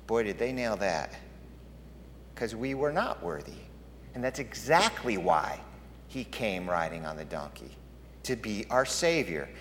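A man preaching a sermon, rising to loud, booming proclamations and dropping to hushed, low emphasis. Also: very animated, measured pace, pauses often, slight background noise. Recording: long hall reverb.

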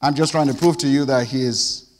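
A man preaching a sermon, firing off rhetorical questions and swinging between loud outbursts and quiet asides. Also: mid-range voice, fairly even intonation, a little fast, big-room sound, slight background noise.

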